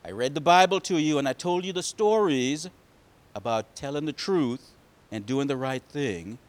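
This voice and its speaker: A man voicing a stern but gentle father lecturing his son in a storybook tale. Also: medium pitch, animated, moderate pace, natural voice.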